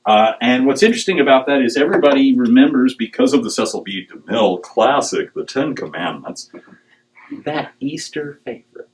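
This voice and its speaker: Animated middle-aged man giving a joking talk. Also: mid-range voice, brisk, poor audio. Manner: animated and joking, with digressions and acted quotes. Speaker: speaker on dowsing. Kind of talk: humorous talk to a live audience.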